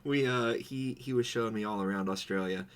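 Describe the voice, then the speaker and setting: Low-voiced goofy podcast guy. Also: fairly quick. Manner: goofy, animated storytelling with put-on quotes. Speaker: podcast co-host. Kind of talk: casual chat. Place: home streaming setup.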